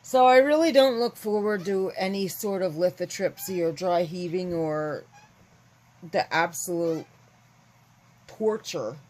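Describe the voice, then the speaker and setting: A woman's voice: fairly low pitch, darkish tone, low-quality recording. A woman chatting casually to her viewers, rambling and candid. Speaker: vlogger. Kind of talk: casual chat to camera.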